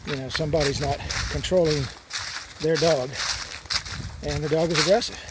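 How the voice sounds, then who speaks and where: A man's voice: on the high side, fairly even intonation, normal speed. A man vlogging as he hikes a mountain trail, talking in a rambling, easygoing way with lots of "uh" fillers. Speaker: long-distance hiker vlogger. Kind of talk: casual vlog monologue. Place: outdoors on a mountain hiking trail. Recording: outdoor noise behind the voice.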